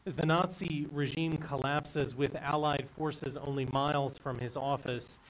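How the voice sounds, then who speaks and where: A man's voice: fairly high pitch, steady tone, a little slow, distant mic, rough recording. A man preaching a sermon, telling a story in an earnest way before turning to the gospel reading. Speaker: pastor.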